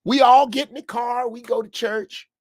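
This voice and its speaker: A man's voice: very high-pitched, steady tone, moderate pace, no room sound, studio quality. A man in his sixties from Chicago, telling a story on a podcast in a blunt, profane way. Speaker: podcast panelist. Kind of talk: casual chat.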